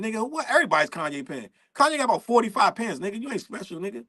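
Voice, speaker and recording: A man with a notably high-pitched speaking voice hosts a casual commentary show. He rants in a profane, animated style and breaks into laughs between points. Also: rapid-fire. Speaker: show host.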